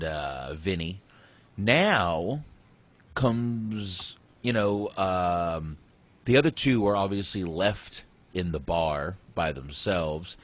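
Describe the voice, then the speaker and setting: A man hosting a casual movie review podcast, retelling scenes in a rambling, profane way. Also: sits low. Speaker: podcast host.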